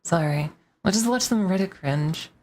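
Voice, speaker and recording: Low-voiced rambling woman streamer. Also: lively intonation, normal speed, darkish tone, a little hiss or hum. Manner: rambling, swearing, many restarts. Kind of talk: casual rant to stream chat.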